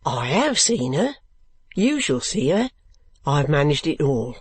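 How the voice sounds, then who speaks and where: A man voicing an excitable, eccentric middle-aged male clerk in an audiobook who talks in a stammering, fluttering rush. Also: on the high side, slow pace, slightly rough, dry recording, heavily acted. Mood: exultant. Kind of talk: audiobook character voice.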